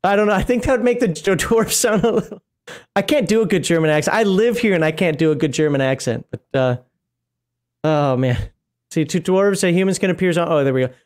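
His voice sits high and moves fairly quickly, with a darkish tone. Co-hosting a casual talk show, the man reads game lore aloud for the podcast but keeps rambling off into asides, pausing frequently to laugh and comment.

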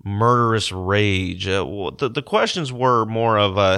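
A young man with a very deep voice tells a story to his listeners in a casual, halting way. He fills his speech with ums and repeats himself as he goes. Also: expressive, fairly bright tone. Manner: halting, many fillers and restarts. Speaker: podcaster.

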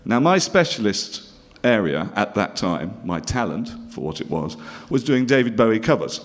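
A middle-aged man from northern England delivers a stand-up story in a dry, self-mocking way. His voice swings widely in pitch as he drops wry asides to the crowd. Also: sing-song, normal speed. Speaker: comedian.

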